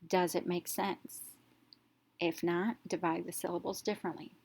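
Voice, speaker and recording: A woman teacher narrating a reading lesson, explaining each step slowly and clearly in an instructional voice-over. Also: lowish voice, fairly even intonation, darkish tone.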